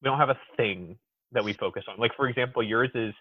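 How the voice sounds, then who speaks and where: Man, podcast guest, animated storyteller, phone-like thin sound. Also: medium pitch, fast, no echo. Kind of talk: casual chat. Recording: tinny phone-like dry sound.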